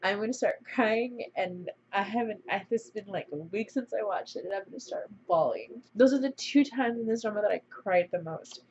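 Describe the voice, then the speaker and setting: A woman's voice: medium pitch, moderate pace, few pauses, darkish tone, slight background noise. Gushing young woman reviewing a drama. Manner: gushing, emotional, chatty. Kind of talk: casual video review. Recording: slightly dull lo-fi recording.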